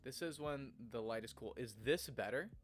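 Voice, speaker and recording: A young man streaming from his room at home, talking in an earnest, rambling way and laughing at himself as he goes. His voice sits in an ordinary middle pitch. Soft guitar music plays faintly behind him. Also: normal speed. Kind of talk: casual morning stream chat.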